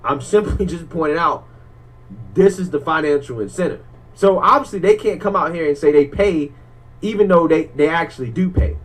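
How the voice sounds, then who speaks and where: A man talks through his point in casual commentary, measured and step by step. His voice sits slightly high. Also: low-quality recording. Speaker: commentator in a played clip.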